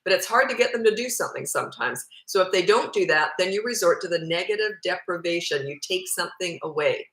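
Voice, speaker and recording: A woman's voice: fairly low pitch, animated, quick pace, few pauses, fairly bright tone, echoey room, poor audio. Blunt matter-of-fact woman parenting coach. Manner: blunt, matter-of-fact, answers questions read aloud. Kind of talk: casual Q&A advice.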